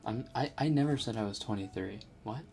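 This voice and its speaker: A man in his twenties hosting an ASMR live stream, answering chat softly and slipping into whispers. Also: on the low side, brisk, gravelly, soft background music. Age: 20s. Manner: soft-spoken, drifting into whispers.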